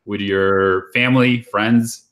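A man co-hosting a casual chat, joking and halting as he restarts his sentences. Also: fairly low pitch, fairly even intonation, fairly bright tone. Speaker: podcast co-host. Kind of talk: casual group chat over video call.

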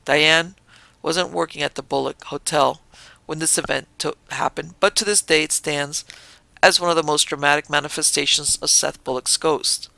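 Gravelly bright-voiced male storyteller. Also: a little high, steady tone, dry recording. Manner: measured, dramatic storytelling. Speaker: storytelling podcast host. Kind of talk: scripted narration.

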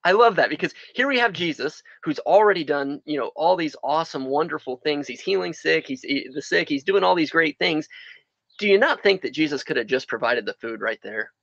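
Man pastor, earnest sermon outdoors, slightly high voice, dry muffled lo-fi capture. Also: animated, normal speed, fairly bright tone, dry recording. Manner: earnest, repeats phrases for emphasis. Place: outdoors in the sun.

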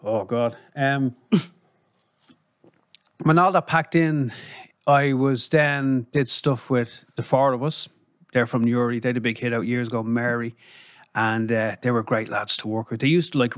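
An Irish man recounting anecdotes in a casual podcast chat, his voice sitting at an ordinary middle pitch. He rambles from one story to the next, lifting into animated quoted voices along the way. The recording is close and dry. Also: unhurried, dry recording. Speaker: guest.

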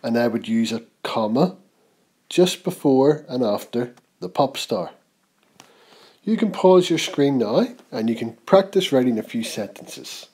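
Lively male teacher, husky voice. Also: medium pitch. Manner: slow, clear, reads example sentences aloud with emphasis. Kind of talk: grammar lesson narration.

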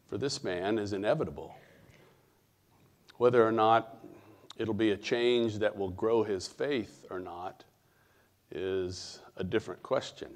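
A middle-aged male pastor preaching a sermon, telling stories in a conversational way with fillers and pauses. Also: lowish voice.

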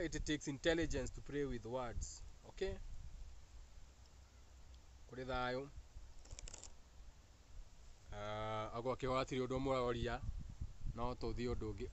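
A man's voice: mid-range voice, moderate pace, pauses often, a little hiss or hum, poor audio. A man with a Kenyan accent giving a casual spiritual monologue, joking and laughing often between teasing and preachy asides. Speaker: spiritual talk host.

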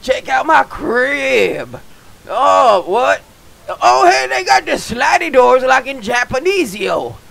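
Brief: male gamer, goofy hick persona, bright, sharp tone, creaky and gravelly, prone to excited shouting. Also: extremely high pitch, slow pace, poor audio. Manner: goofy dim-witted yokel persona with folksy slang. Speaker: gamer vlogger. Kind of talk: comedic gameplay commentary.

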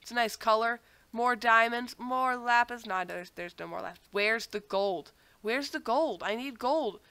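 A young woman who has a cold talks over her gameplay in a loose, rambling way, often mocking herself and wandering off on tangents. Her voice is bright and clean, and it is recorded dry and close with no room sound. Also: a little high, moderate pace, no room sound. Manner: rambling, self-mocking, easily sidetracked. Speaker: gaming channel host. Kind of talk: casual gameplay commentary.

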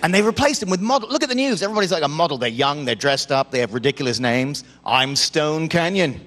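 A man's voice: a little high, racing. A man with an Australian accent performing a stand-up comedy set, shifting into put-on voices and accents for his characters. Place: comedy club stage with audience. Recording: live club recording, loud crowd and noise, hall reverb.

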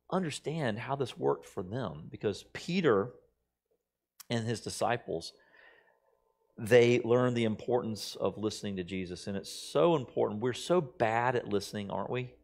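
A man's voice: mid-range voice, vocal fry, a little mellow. Middle-aged male pastor, conversational sermon delivery, mid-range voice, storyteller. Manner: conversational storytelling, quoting others in shifting voices.

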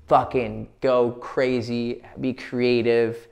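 A man's voice: mid-range voice, animated, normal speed. A man giving casual, profane dating advice, laughing often as he talks. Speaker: dating coach. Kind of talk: casual instructional talk.

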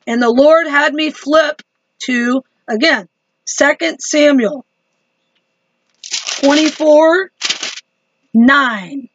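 A woman's voice: high voice, drawn-out words, pauses often, dry recording, lo-fi sound. A woman chatting to her viewers in a casual religious video diary, laughing easily. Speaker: Christian vlogger.

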